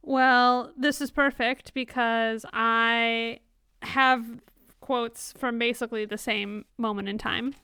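Slow-talking woman with a smooth voice. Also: on the high side, steady tone, pushed and bright, dry recording. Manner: unhurried, amused, reads quotes aloud. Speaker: book discussion co-host. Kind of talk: casual chat.

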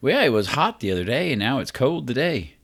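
A man's voice: mid-range voice, very animated, fast, vocal fry, a bit bright. A middle-aged man co-hosting a podcast, chatting casually in a blunt, joking way with easy swearing. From Indiana. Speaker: podcast co-host. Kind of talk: casual chat.

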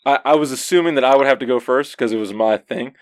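A man's voice: mid-range voice, fast. A man co-hosting a casual podcast chat, slangy and laughing often as he talks. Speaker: podcast co-host.

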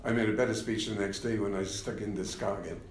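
An older man, a former party leader, telling anecdotes in an unhurried interview, with many fillers and wry laughs. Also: lowish voice, roomy sound, a little hiss or hum. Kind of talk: reflective interview conversation.

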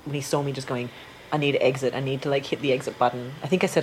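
Speaking at a racing pace in a very deep voice, a woman shares her birth story in a relaxed interview chat. She brings it to life by loudly acting out what others told her, and a little hiss or hum sits under the recording.

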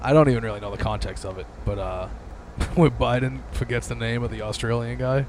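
A man's voice: mid-range voice, fairly quick, darkish tone, slight background noise. A young man co-hosting a podcast, telling rambling stories with laughs and plenty of swearing. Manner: rambling storyteller, laughing, profane. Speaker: podcast co-host. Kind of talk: crude comedic banter.

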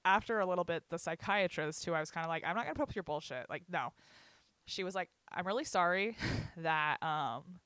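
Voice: medium pitch, fairly bright tone, clear, resonant tone, dry recording. A young adult telling a personal story in casual chat, candid and profane, laughing often and quoting others. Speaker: guest recounting a hospital stay.

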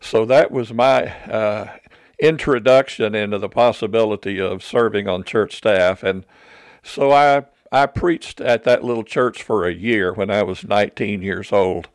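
A man's voice: lowish voice, a little slow, clear, resonant tone, no echo. An older man, a minister guest, telling stories in a reflective, self-deprecating way. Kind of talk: casual interview storytelling.

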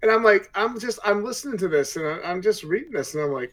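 A man co-hosting a casual book podcast, reading a story passage aloud and reacting with jokes and quick asides. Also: sits high, expressive, over a noisy crowd. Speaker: podcast co-host.

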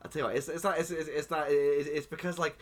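A man on a casual podcast, ranting in profane bursts full of halting restarts. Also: on the high side, level tone. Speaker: podcast co-host. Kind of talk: casual chat.

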